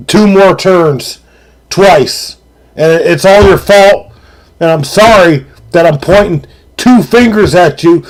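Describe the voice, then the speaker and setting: A man's voice: high voice, poor audio. A man streaming a video game live, cursing and mock-ranting at his co-player over a lost run. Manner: profane, mock-angry ranting.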